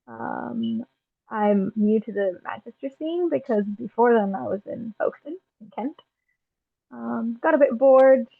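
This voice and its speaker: A woman's voice: on the high side, unhurried, vocal fry, no room sound. A young woman with an Irish accent, a guest poet chatting casually in an interview, with frequent ums and easy laughter, heard over a remote call. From Ireland. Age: young adult. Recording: tinny phone-like remote call.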